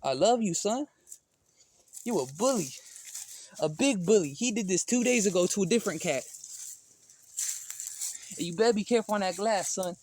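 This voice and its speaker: A man's voice: high voice, animated, moderate pace, pauses often, a little mellow, a little hiss or hum. Slangy, talkative man vlogging outdoors. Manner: slangy and talkative, calling out to a cat. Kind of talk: casual vlog storytelling. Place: outdoors in a backyard.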